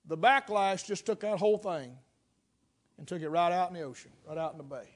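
A high-voiced male preacher giving a sermon. He tells his illustration with drama, building to loud, fast passages and dropping to near-whispers. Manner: dramatic storytelling, swings between loud and hushed.

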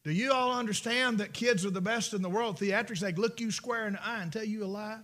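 A man preaching a sermon, folksy storytelling that swings from shouts to whispers. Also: high-pitched, a little fast.

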